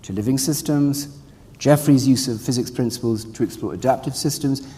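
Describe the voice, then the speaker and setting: A man's voice: mid-range voice, moderate pace, warm tone, husky. A man moderating a panel on stage, introducing the guests in a loose, chatty way with many fillers. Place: stage in a large hall. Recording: long hall reverb.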